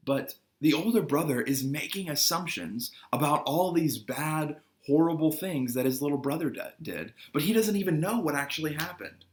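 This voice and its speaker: A man giving a conversational sermon to young people, earnest and asking his listeners questions. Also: lowish voice. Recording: roomy echoing room.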